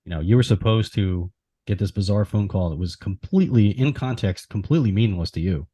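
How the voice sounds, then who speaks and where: Deep-voiced, husky male podcast host. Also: brisk, warm tone, no room sound. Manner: thoughtful, musing reactions. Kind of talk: casual interview chat.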